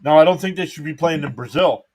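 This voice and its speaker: A man calling a baseball game live on a stream, chatting with viewers and reading their comments between pitches. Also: fast talker. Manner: relaxed, chatty, reads viewer comments aloud. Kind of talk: casual play-by-play and chat.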